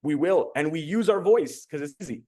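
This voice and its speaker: A man's voice: on the high side, moderate pace. A young adult man giving a casual motivational talk as a communication coach, swearing freely and acting out quotes. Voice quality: swearing, animated storytelling with acted-out quotes.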